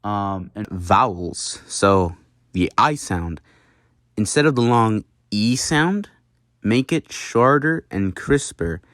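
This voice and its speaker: A man's voice: on the low side, expressive, slow pace, a bit bright, no echo, studio quality. A young man teaching an in a casual home video lesson, rambling and self-mocking with many fillers. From United States. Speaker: host teaching an accent.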